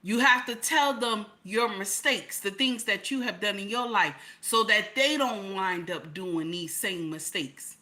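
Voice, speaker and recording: Emphatic bright-voiced middle-aged woman. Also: mid-range voice, a little slow, few pauses. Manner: emphatic, repeats herself, builds to loud peaks. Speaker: channel host. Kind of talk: casual talk to viewers.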